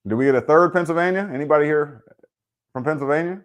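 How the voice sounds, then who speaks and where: This livestream host from Wisconsin is animated and quick, with a medium-pitched voice. He keeps things laid-back, answering viewer comments informally and using frequent fillers.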